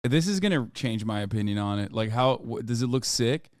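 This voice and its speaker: A man reacting casually on a live stream, animated, sarcastic and profane. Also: medium pitch, brisk, no room sound, clean studio sound. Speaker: streamer, host.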